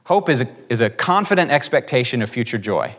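Animated storytelling preacher man. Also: mid-range voice. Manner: animated, acts out quotes, quick bursts. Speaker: preacher and guest. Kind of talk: storytelling testimony in conversation. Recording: reverberant room.

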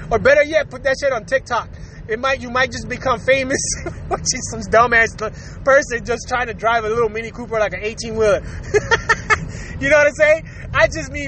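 Man, strikingly high-pitched, casual comedic rant, swears a lot, laughs through it, faint traffic noise. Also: bright, forceful tone. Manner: profane, laughing often while ranting. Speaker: podcast host.

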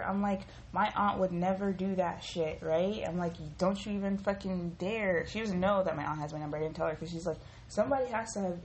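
A woman hosting a podcast from her home kitchen, telling a story in a profane, rambling, animated way. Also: lowish voice, a little hiss or hum, low-quality recording. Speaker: podcast host. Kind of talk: casual storytelling monologue.

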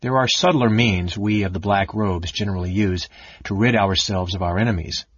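A man playing a cool, soft-spoken dark elf mage. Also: on the low side, normal speed, slightly rough, no echo. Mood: grave. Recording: dull, dry lo-fi audiobook recording.

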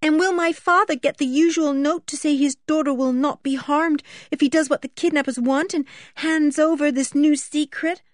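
A woman's voice: fairly even intonation, normal speed, hardly any pauses, no room sound, clean studio sound, lightly acted. A woman voicing a tearful, frightened young girl in a storybook reading. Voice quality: high and strained.

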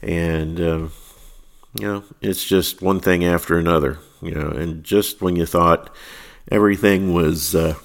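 A man opening his talk show casually, rambling and full of fillers. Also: low voice.

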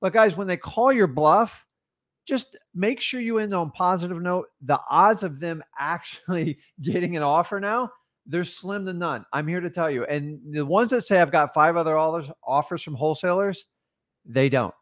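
A man's voice: high-pitched, lively intonation, moderate pace, fairly bright tone, no room sound, studio quality. A man coaching real estate wholesalers in casual talk, blunt and confident, acting out his seller negotiations.

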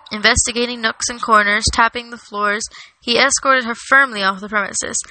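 A woman narrating a novel aloud with a steady storytelling cadence. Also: mid-range voice, dry recording, low-quality recording. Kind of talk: audiobook reading.

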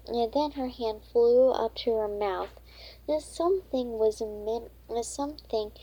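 Breathy woman reading a storybook. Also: fairly high pitch, warm tone, poor audio. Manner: halting, often rereads words. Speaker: storybook reader. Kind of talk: reading a children's book aloud.

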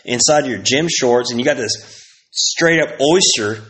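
A man's voice: mid-range voice, measured pace, a bit bright. A man talking in a casual, profane monologue, rambling through rants and stories and acting out other people's voices. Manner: profane, rambling storytelling rant.

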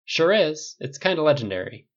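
A man's voice: fairly high pitch, very animated, moderate pace, a bit bright, pitched above the performer's own voice. A man voicing a showy, impatient, wisecracking rich man who talks theatrically and boastfully, on a dull lo-fi recording. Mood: excited.

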